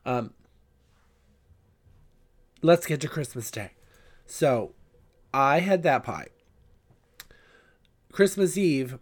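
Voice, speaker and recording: A man hosting his own podcast, telling a story in a chatty, gossipy way and swearing freely between many fillers. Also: medium pitch. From Southern California. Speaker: podcast host. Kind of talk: casual storytelling monologue.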